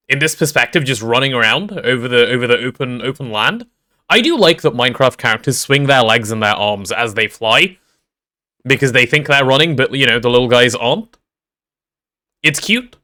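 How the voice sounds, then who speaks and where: Male game streamer, casual and playful, bright tone with a bouncy, swinging pitch, reads chat aloud. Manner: playful, greets and answers chat aloud with repeated words.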